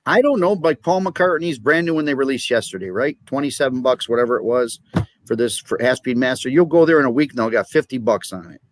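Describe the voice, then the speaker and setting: A man's voice: medium pitch, fast. A man chatting on a video call as a record collector, rambling and indignant about prices. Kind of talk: casual video-call chat.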